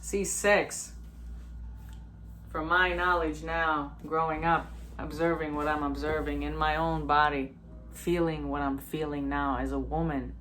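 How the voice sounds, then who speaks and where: A woman's voice: low voice, fairly bright tone, slight background noise. A woman vlogger giving a blunt, profane, emphatic self-help monologue.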